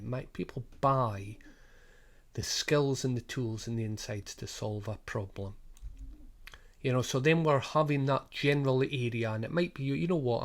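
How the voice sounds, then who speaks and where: Middle-aged Highland Scots man, mid-pitched, casual coach talk, loose and full of rhetorical questions. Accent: Scottish Highlands. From Scotland. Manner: rambling, many restarts and rhetorical questions. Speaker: sports business coach. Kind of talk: informal spoken programme overview.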